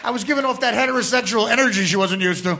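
Gravelly high-voiced man telling stories. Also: very fast, bright, forceful tone, a little hiss or hum. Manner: profane, rambling anecdotes with self-mocking punchlines. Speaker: comedian guest. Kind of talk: comedic storytelling.

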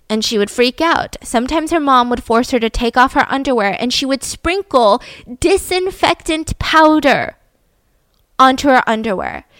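A woman's voice: fairly high pitch, fairly bright tone, clear, resonant tone, dry recording. A woman host telling a true-crime story in a chatty, conversational way, with asides to her co-host.

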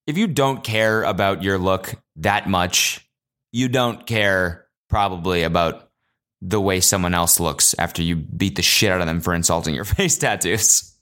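A man's voice: sits low, a little slow, a bit bright. A young man hosting his own podcast alone, telling rambling, profane, jokey stories and acting out quotes in exaggerated voices. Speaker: podcast host. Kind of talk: casual solo podcast monologue.

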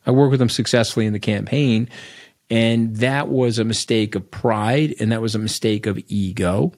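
A man's voice: mid-range voice, a little fast, dry recording, clean studio sound. A middle-aged man from Long Island speaks with a thick New York accent in a mid-range voice. He tells his stories as a podcast guest, bluntly and at length. He drifts from point to point, often checking in with "okay?". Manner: blunt, rambling, tags lines with "okay?". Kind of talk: casual storytelling interview.

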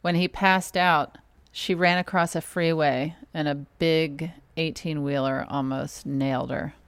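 Teasing woman with a lowish voice. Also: steady tone, measured pace, clean tone, no room sound. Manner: teasing, playful questions. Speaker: podcast co-host. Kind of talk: casual chat.

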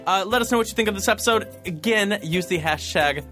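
A man's voice: sits high, quick pace, over music. A young man co-hosting a podcast in casual banter, playful and giggly. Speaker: podcast co-host.

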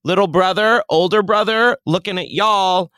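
A young man hosting a podcast in casual chat, animated and swearing freely. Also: high voice, moderate pace, a little hiss or hum. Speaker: podcast host.

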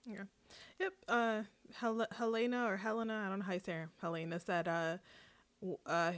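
A woman in a casual chat, retelling a TV episode in a chatty, animated way and acting out quotes. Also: mid-range voice, moderate pace, dry recording. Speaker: podcast co-host.

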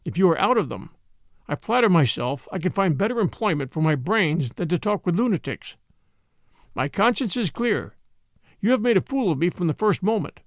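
A man's voice: high-pitched, very animated, normal speed, dry recording, studio quality. A man voicing a proud young soldier who speaks in indignant, formal outbursts.

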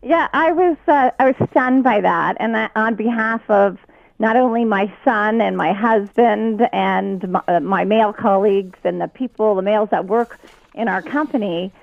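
A woman's voice: medium pitch, normal speed, gravelly, dry recording, dull audio. A woman business owner speaking as an interview guest over a remote line. She talks in an indignant, emphatic way, restarting her sentences as she pushes her point.

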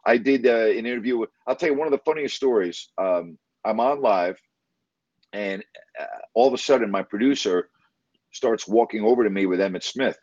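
A low-voiced man tells stories about his interviews in a loose, rambling way, full of enthusiasm and false starts. The sound is dry and slightly muffled, with a lo-fi edge and no room echo. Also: moderate pace, darkish tone. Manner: rambling, enthusiastic, many restarts. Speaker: broadcast interviewer. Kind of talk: casual storytelling in conversation.

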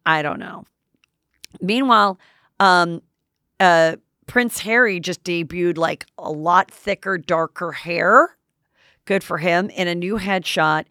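A woman's voice: fairly low pitch, fairly bright tone, clean tone, no room sound, clean studio sound. A woman hosting a casual gossip recap, chatty and blunt, with lots of fillers and freely swearing. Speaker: host.

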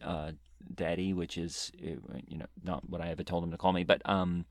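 Deadpan rambling man, low voice. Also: normal speed, dry recording, clean studio sound. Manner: deadpan, rambling, hesitant with many restarts. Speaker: comedy podcast co-host. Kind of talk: improvised character comedy chat.

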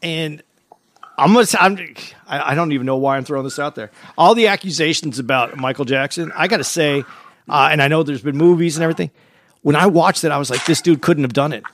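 A man co-hosting a podcast, speaking earnestly and restarting his sentences. His voice sits a little high, and the recording is dry and close. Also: a bit bright, no room sound. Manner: earnest, halting, repeats words when he gets serious. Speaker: podcast co-host. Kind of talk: casual podcast chat.

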